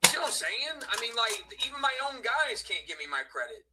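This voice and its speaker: A man's voice: extremely high pitch, very animated, a little fast, heavy background noise. A man hosting a livestream, ranting in an aggrieved, profane way in casual talk. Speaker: livestream host. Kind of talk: heated casual livestream rant.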